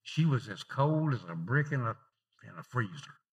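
A male pastor preaching a sermon in a conversational way, telling personal stories and swinging from emphatic lifts to softer asides. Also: medium pitch, sing-song, normal speed, husky, lo-fi sound. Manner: rising emphatic openings then dropping softer.

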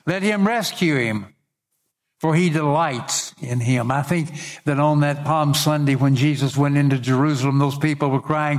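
Here a middle-aged man preaches earnestly at an unhurried pace, his voice a little high. As a pastor reading scripture aloud, he rises in volume on the quoted cries.

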